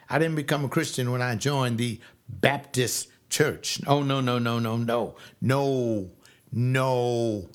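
An older man teaches from scripture in a loose, fiery way, and his voice sits at an ordinary middle pitch. He scolds his listeners and mimics the people he criticizes. It sounds like an informal sermon, not a church service. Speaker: lay preacher.

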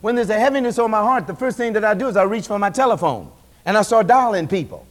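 A man preaching a sermon as senior pastor, animated, acting out voices and swinging from hushed tones to shouts. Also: sits high, fast talker, big-room sound. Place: church sanctuary.

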